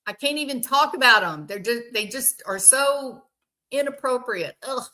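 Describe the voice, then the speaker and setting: Blunt, indignant woman with a bright voice. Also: high-pitched, lively intonation, moderate pace. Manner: blunt, indignant, talks to viewers by name. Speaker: true crime commentary host. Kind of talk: casual commentary reacting to chat.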